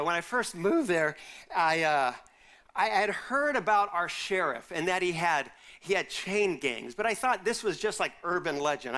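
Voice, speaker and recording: A pastor preaches to a live audience and moves between teaching and a vivid personal story, voicing the people in it. His voice is bright and forceful and sits a little high for a man. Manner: animated storyteller, acts out quoted voices. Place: university chapel or auditorium.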